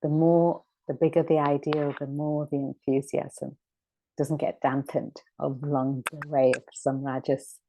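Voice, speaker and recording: A woman's voice: deep voice, flat delivery, measured pace, mellow, rough recording. A woman teaching a scripture discussion class, reflective and returning again and again to key words. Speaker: spiritual teacher.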